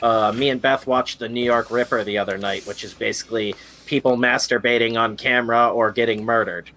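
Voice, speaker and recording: A man leads a loose podcast conversation, wandering from point to point with a steady stream of "like" and "uh". His voice is bright and forward, sitting at an ordinary middle pitch. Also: a little fast, a little hiss or hum. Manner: rambling, fills speech with "like" and "uh". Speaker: podcast host. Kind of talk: casual chat.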